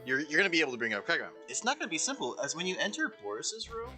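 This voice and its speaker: A man's voice: on the high side, big pitch swings, bright, forceful tone. A man narrating as game master for a tabletop role-play, stumbling and restarting as he goes. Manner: halting, many restarts and fillers. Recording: music playing behind.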